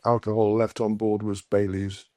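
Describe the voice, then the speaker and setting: An English man, a podcast guest, telling stories casually with many halting restarts. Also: lowish voice, flat delivery, a little mellow, dry recording, studio quality. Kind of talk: casual storytelling.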